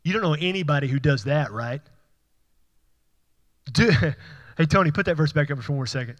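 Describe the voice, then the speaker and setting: A man preaching a sermon, building to emphatic peaks and then dropping low, with conversational asides. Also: animated, moderate pace, a bit bright, long reverb tail. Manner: conversational, with asides and light laughs. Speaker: pastor.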